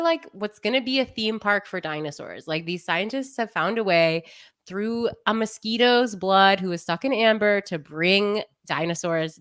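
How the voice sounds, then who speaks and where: A young adult woman co-hosting a podcast in casual chat, animated and often laughing, mock-exasperated as she rants. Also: fairly low pitch, no echo, studio quality. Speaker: podcast co-host.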